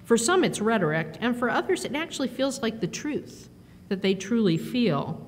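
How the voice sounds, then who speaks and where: A woman giving a conference talk, telling lively self-deprecating stories with quoted dialogue into a podium microphone. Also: normal speed. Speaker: conference speaker. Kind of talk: storytelling keynote speech. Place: large conference hall. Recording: reverberant hall with faint rumble.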